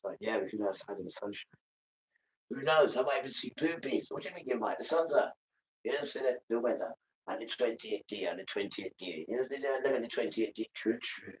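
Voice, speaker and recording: A man talks in a loose, rambling way, joking and chatting off the cuff. His pitch sits in an ordinary middle range. A faint noise hangs behind him. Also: quick pace, rough recording. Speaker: vlogger. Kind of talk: casual chat while cooking.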